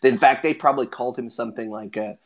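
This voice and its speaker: A man's voice: mid-range voice, fast. A man narrating a tabletop game as game master, rambling with fillers and laughing often.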